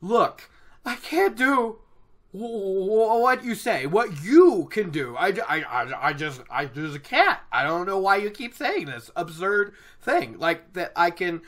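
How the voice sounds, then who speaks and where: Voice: mid-range voice, very animated, slow pace, fairly bright tone. A podcaster voicing a flustered young man who stammers and protests that he cannot do what he is told.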